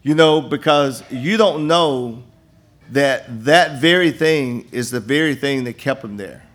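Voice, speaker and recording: In a church sanctuary, an older man who serves as a campus minister addresses the congregation with an appeal and testimony, telling folksy stories full of restarts. His voice is medium-pitched and fairly bright, at a measured pace.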